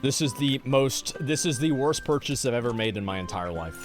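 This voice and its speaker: A man's voice: medium pitch, lively intonation, a little fast, soft background music. A man streaming live, chatting casually and reading chat messages in a sarcastic, profane, rambling way.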